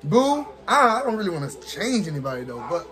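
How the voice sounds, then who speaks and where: Excitable high-voiced man commentating gameplay. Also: a little fast, music in the background. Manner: excitable, talks to the game characters, laughs often. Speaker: gaming streamer.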